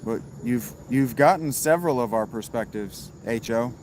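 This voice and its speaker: This man's voice is normal in pitch and moderately paced as he hosts a casual stream, replying to chat wryly and easygoingly, with an occasional curse. The audio is poor, with constant hiss and crickets chirping outdoors.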